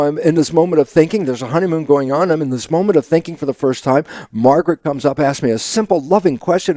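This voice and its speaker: An older man, a biologist guest in an interview, telling stories with lively acted-out quotes of his own inner dialogue and frequent laughs. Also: on the high side, no echo. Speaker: guest, stem cell biologist. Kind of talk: animated storytelling interview talk.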